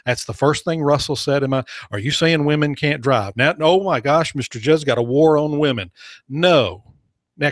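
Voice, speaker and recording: A man's voice: a little high, no echo. A man hosts his talk radio show, rambling from one joke to the next with a sarcastic edge. The studio sound is close and completely dry, with no room around him. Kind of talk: opinionated talk radio monologue. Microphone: studio microphone.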